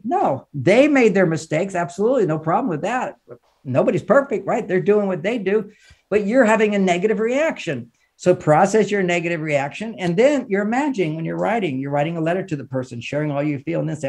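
A man's voice: animated, fairly quick, darkish tone. A man who works as a relationship counselor and author, giving advice as a podcast guest in an emphatic, lecturing way, repeating phrases in lists. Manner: emphatic and lecturing, rising in pitch and volume for emphasis. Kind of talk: animated advice talk in an interview.

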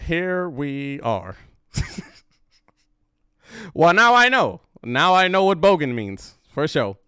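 A man hosting a casual reaction livestream, laughing and chatting with his viewers in an animated way. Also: high-pitched, slow, clear, resonant tone, no echo, studio quality. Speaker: reaction video host.

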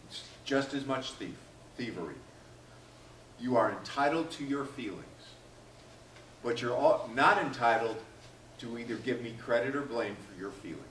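A man's voice: medium pitch, a bit bright. A male teacher lectures a class, calling on students by name and acting out what people say. He is picked up from a distance in a reverberant classroom, with a faint hum behind him. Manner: questions students by name, acts out quoted lines. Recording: echoey classroom from far off.

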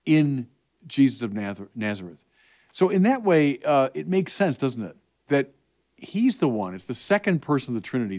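Casting: a lively, expressive man with a Chicago accent, a bishop patiently explaining to kids. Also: mid-range voice. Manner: animated and emphatic, with rising bursts. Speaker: bishop answering children's questions. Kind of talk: explaining faith to kids, conversational.

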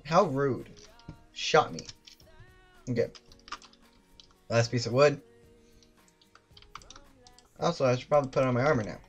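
A gaming streamer giving live commentary, swearing constantly and mocking themself, with loud outbursts and laughter while playing. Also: medium pitch, lively intonation, a little slow, long pauses, faint music behind.

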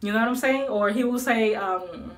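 A woman's voice: on the high side, normal speed. A woman from Puerto Rico with a Puerto Rican accent, chatting casually to her viewers in an emphatic way and slipping into Spanish. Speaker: vlogger answering viewers. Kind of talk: casual chat.

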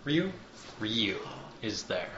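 A bright, forceful male game master narrating a tabletop session. He is casual and joking, with frequent ums. The recording is roomy and slightly dull. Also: lowish voice, sing-song, drawn-out words, a little hiss or hum. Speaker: game master and podcast host.

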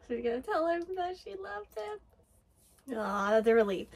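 A woman hosting an anime reaction, gushing and excitable as she comments live and swears freely. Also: sits high, slow, long pauses.

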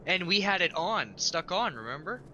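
A man's voice: sits high, big pitch swings, normal speed, pushed and bright, highs cut off. A man chatting with friends during a game, hesitant and thinking aloud about the voice settings. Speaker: player. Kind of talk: casual multiplayer gaming chat.

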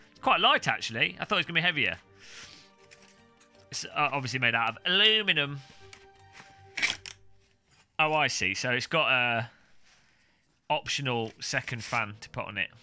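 A man's voice: medium pitch, animated, normal speed, long pauses, bright, forceful tone, faint music behind. A man streaming a casual unboxing, rambling and joking as he reads out foreign words in silly voices. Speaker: tech streamer.

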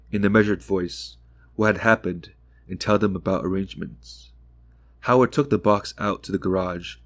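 A man with a low voice reads a literary short story in a calm, measured way, as an audiobook made for drifting off. The sound is dry and close, with no room around it. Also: no echo. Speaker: audiobook narrator. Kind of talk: calm audiobook narration for sleep.

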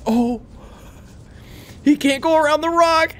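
A man playing a horror game on his channel, commenting excitedly with frequent laughter and panicky outbursts. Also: very high voice, takes it slowly, slight background noise. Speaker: gaming YouTuber. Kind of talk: let's play commentary.

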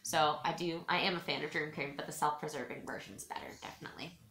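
A woman's voice: deep voice, fast, vocal fry, fairly bright tone, roomy sound, slight background noise. A woman chatting in a casual haul vlog, bubbly and gushing, talking straight to her viewers. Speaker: beauty vlogger.

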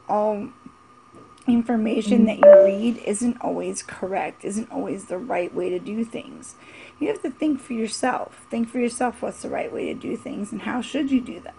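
Mom vlogger in her forties with a fry-edged voice, speaking bluntly and repeating her points. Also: medium pitch, warm tone, a little hiss or hum. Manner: emphatic, blunt and repetitive. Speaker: mother vlogger. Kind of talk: casual opinion vlog.

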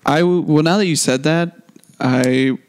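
A man's voice: on the high side, unhurried, clear, resonant tone. Male co-host, casual movie talk, meandering delivery, clean resonant tone. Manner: rambling, trails off mid-sentence, self-correcting. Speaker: podcast co-host.

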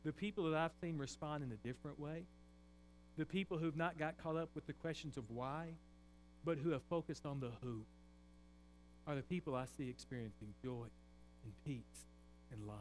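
A man preaching a sermon in a church, his voice sitting a little high. He swings between loud, raised passages and quiet, intense ones. A faint mains hum runs beneath the recording. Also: normal speed, pauses often. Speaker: pastor. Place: church sanctuary.

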